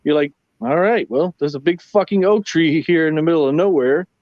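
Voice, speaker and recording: A man with a slightly raised pitch, telling stories on a late-night livestream in an easygoing, profane way. The sound is dull and muffled, and it is recorded dry and close to the mic. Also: fairly quick, no echo. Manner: laid-back, profane storytelling.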